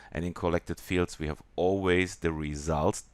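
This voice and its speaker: A man with a German accent walking through a software tutorial in a halting way, with many pauses and fillers. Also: sits low, steady tone, clean tone, dry recording. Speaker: software demonstrator.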